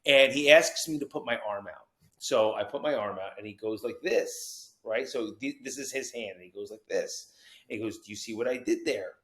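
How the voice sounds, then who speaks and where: A man from New Jersey, a podcast guest telling his story with animated energy and acted-out quotes. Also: on the low side, normal speed. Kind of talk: storytelling interview.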